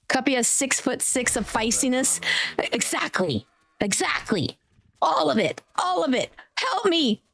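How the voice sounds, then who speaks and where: A woman's voice: sits high, fairly bright tone, dry recording, clean studio sound. A young woman live-streaming a game, chatting playfully with her viewers, teasing them and breaking into yelps and exclamations. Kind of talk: live gameplay stream chat.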